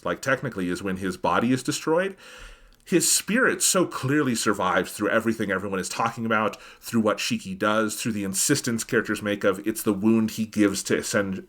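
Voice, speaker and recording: A man co-hosting an anime review podcast, talking through a film's themes in a casual, analytical way that livens up when he quotes characters. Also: fairly low pitch. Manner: thoughtful, animated when quoting characters. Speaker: podcast co-host.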